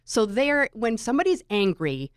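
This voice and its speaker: Woman, middle-aged, mother, animated pitch, reflective casual talk. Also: moderate pace, smooth, no echo, clean studio sound. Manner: expressive, reflective, repeats words when thinking. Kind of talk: casual chat.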